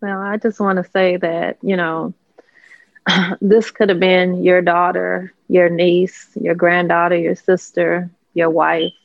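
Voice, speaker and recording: A grieving relative of a crime victim, pleading softly for the public's help. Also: mid-range voice, level tone, slow pace, creaky, no room sound, lo-fi sound. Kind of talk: emotional interview plea.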